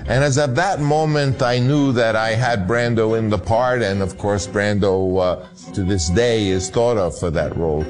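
A male filmmaker in an archival interview, telling a story in an animated way. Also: lowish voice, normal speed, soft background music. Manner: animated, acts out voices in anecdotes. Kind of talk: anecdotal storytelling.

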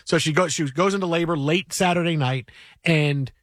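A man hosting a sports radio show, who tells a story in an animated, rambling way and chats casually about baseball. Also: on the high side, normal speed, no echo, clean studio sound.

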